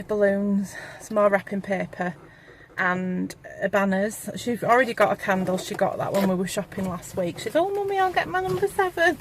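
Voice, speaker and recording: A woman's voice: medium pitch, a little hiss or hum. A woman, chatting casually to her phone camera for a family vlog, rambling and laughing often. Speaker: family vlogger. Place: car, then home bathroom.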